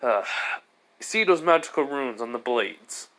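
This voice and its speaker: A man's voice: medium pitch, expressive, a little slow, a bit bright. A man voicing a stern, weary male warrior god who speaks in a formal, clipped way while telling a fan story. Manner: formal, clipped, calls the boy "boy". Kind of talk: fan story narration with voiced characters.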